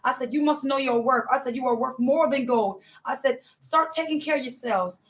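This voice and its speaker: Woman preacher, high voice, fervent testimony, talks straight to the congregation. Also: normal speed. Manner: fervent, repetitive, addresses listeners as y'all. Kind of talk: impassioned testimony sermon.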